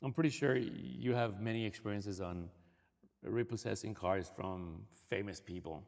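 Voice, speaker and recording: A man interviewing a guest, asking short questions with some halting starts. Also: fairly low pitch, vocal fry, a little mellow, big-room sound.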